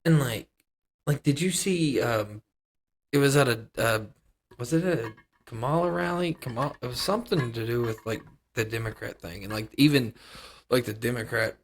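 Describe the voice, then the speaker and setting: A man's voice: medium pitch, normal speed, a little hiss or hum. A man co-hosting a casual podcast chat, rambling and hedging with many restarts. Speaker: podcast co-host.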